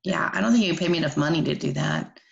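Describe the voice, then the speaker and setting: A woman's voice: sits low, quick pace, vocal fry, dull audio. A woman co-hosting a casual wine-tasting chat with friends, wry and teasing. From United States. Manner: wry, teasing, reads wine labels aloud. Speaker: wine club co-host. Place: home, three friends chatting.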